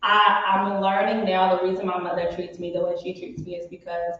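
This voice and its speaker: A woman's voice: fairly low pitch, completely flat delivery, a little fast, a bit bright. A woman in her late twenties speaks with emphatic, candid conviction, often checking in with "you know what I'm saying". She sounds far from the mic in a very echoey room, and the audio is dull and lo-fi. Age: late 20s. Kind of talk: candid casual chat.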